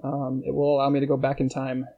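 A man's voice: medium pitch, completely flat delivery, fast talker, vocal fry, phone-quality sound. A man co-hosting a comedy podcast, rambling and profane with lots of fillers in casual banter. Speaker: podcast co-host.

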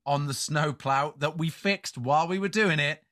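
A man's voice: on the high side, normal speed, bright, forceful tone. A middle-aged man co-hosting a podcast, telling a rambling, self-mocking story in casual banter. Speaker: podcast co-host.

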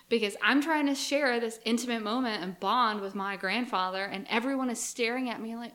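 A woman's voice: on the high side, brisk, hardly any pauses, a bit bright. A young woman co-hosting a podcast, telling a childhood story in casual chat and acting out her family's reactions. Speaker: podcast co-host.

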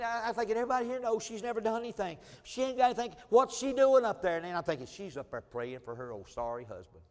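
A male preacher with a drawl shares his testimony through folksy sermon storytelling. His voice is high for a man, and his volume swells and drops sharply. A long reverb from a large hall surrounds the sound.

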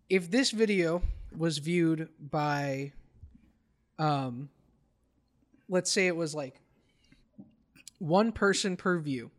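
A young man co-hosting a podcast, joking in mock-serious tones and stumbling over fillers. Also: a little high. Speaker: podcast co-host. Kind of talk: casual podcast banter.

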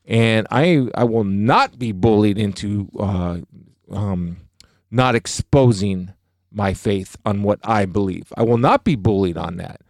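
Middle-aged male podcast co-host, low voice, dry close sound; earnest, emphatic talk about faith. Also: a little slow, no room sound. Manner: earnest, emphatic, declaring beliefs.

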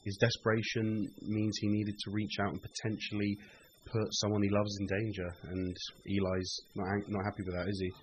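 A British man with a low voice talks through a TV episode in casual podcast chat. He is enthusiastic but halting, filling pauses with ums, and a faint hiss sits behind him. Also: little pitch movement, low-quality recording. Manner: enthusiastic, hesitant with frequent ums. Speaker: guest co-host.

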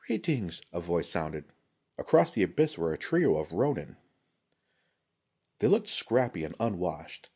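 A man reading a fantasy story aloud as scripted narration, in a measured, steady way. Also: sits low, husky. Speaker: audiobook reader.

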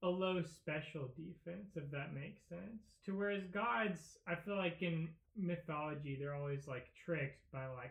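A man's voice: fairly high pitch, measured pace, creaky, few pauses, a bit bright. A man chatting casually in a podcast discussion, rambling with hesitant restarts. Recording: tinny phone-like line, roomy echo.

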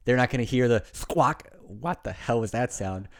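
A man's voice: mid-range voice, animated, moderate pace. A man co-hosting a casual podcast, throwing in sarcastic, dry quips. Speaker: podcast co-host.

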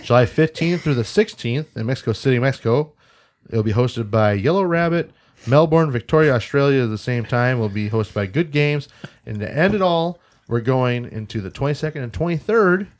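A man's voice: mid-range voice, lively intonation, normal speed. A man hosting a casual podcast, reading out a news list and stumbling over foreign place names. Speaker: podcast host.

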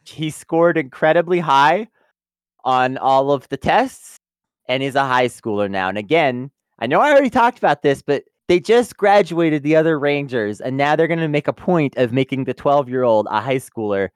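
Animated, exasperated man chatting. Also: mid-range voice, moderate pace, clear, resonant tone, no echo, studio quality. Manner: exasperated, laughs often, swears. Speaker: podcast co-host. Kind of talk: casual review chat.

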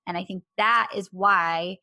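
A woman's voice: fairly low pitch, fairly even intonation, unhurried, pushed and bright, no room sound. A woman co-hosting a casual chat, laughing often and sharing her theories about a show. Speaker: co-host reviewing a show.

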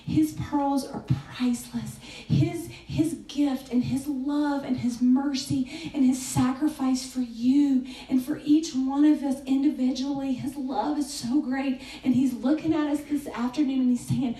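A woman's voice: high voice, steady tone, unhurried. Woman preaching in a roomy hall. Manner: conversational, with fillers and soft hushed quotes. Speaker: speaker at a church gathering. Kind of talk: sermon with a told story. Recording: echoey room, distant mic.

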